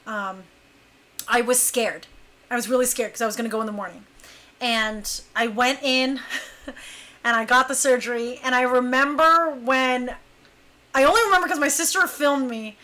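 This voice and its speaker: A young adult woman casually telling a story about her dance crew, animated and laughing often as she acts out what others said. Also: on the high side, moderate pace, long pauses.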